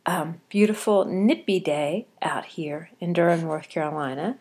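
Woman podcaster, lowish voice, stuffed up from a cold, rambling home diary chat. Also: unhurried, a little mellow. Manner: chatty and rambling, with frequent restarts. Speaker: quilting podcaster. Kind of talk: casual audio diary. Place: home, sitting on a couch.

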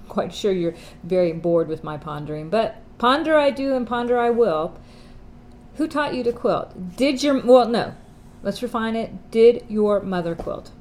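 A woman's voice: mid-range voice, a little mellow. A middle-aged woman hosting a podcast in a casual, rambling chat, correcting herself often and laughing at her own slips. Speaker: podcast host.

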